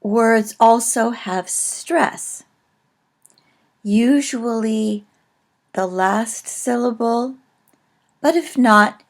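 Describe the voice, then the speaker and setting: A woman teaching a recorded lesson, explaining slowly and carefully with frequent pauses. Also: medium pitch. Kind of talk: recorded lecture on a language.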